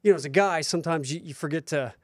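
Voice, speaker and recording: A man, a guest actor, telling animated anecdotes in a casual interview. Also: a little high, fast talker, dry recording, clean studio sound. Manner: animated, laughing storyteller. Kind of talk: casual storytelling.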